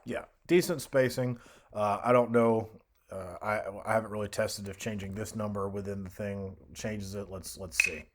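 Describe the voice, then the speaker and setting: A young man casually talking through a music software tutorial, thinking aloud with fillers and restarts. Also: on the low side, fairly even intonation, normal speed, noisy background. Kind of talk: screen-recorded software tutorial.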